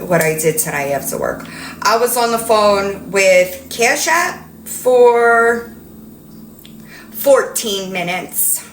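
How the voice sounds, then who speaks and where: A woman's voice: medium pitch, fairly bright tone, echoey room, a little hiss or hum, low-quality recording. A woman hosting a casual livestream, rambling and swearing often while greeting viewers mid-sentence. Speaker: livestream host.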